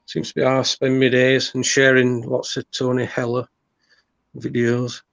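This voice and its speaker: A gravelly-voiced man joining over a dull, dry-sounding remote line. He rambles bluntly, restarting his sentences as he goes. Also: mid-range voice, completely flat delivery, moderate pace, a bit bright, dry recording. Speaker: guest. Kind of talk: casual chat.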